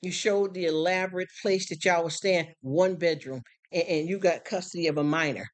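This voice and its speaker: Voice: mid-range voice, normal speed. Earnest preachy live-stream monologue. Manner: earnest, preachy, full of rhetorical questions. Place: at home.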